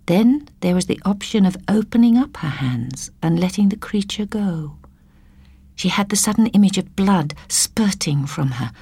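A woman reading a story aloud in a soft, hushed storytelling manner, often slipping into a whisper. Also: medium pitch, animated, moderate pace, slightly rough, no room sound. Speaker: narrator.

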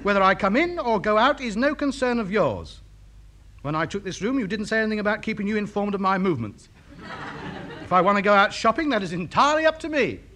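A man's voice: high-pitched, lively intonation, quick pace, pushed and bright, a little hiss or hum. An actor playing a pompous, indignant male lodger who chatters about his radio hobby in a radio comedy.

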